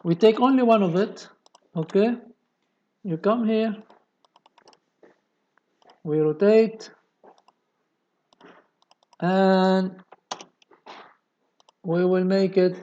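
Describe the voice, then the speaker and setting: A man's voice: high-pitched, mellow, muffled recording. A man with a delivery, explaining a technical drawing step by step in a screen-recorded tutorial. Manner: slow, step-by-step explaining with many okays. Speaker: engineering tutorial presenter.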